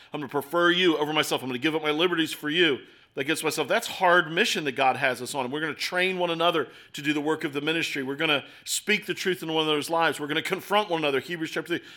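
A middle-aged man preaching a sermon, asking rhetorical questions and moving between quiet asides and emphatic points. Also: on the high side. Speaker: pastor.

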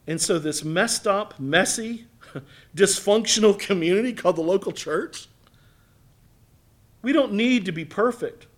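A male pastor with a high voice preaches a sermon in a church. He is earnest, pressing points hard and loud, then pulling back into soft, close asides to the congregation. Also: unhurried, pauses often.

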